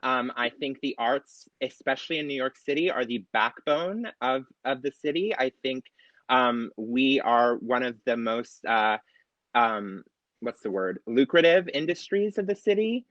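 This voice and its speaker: A man, a drag performer, asking a candidate an earnest question, halting with many fillers and close to tears. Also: medium pitch, lively intonation, fairly bright tone, no echo, muffled recording.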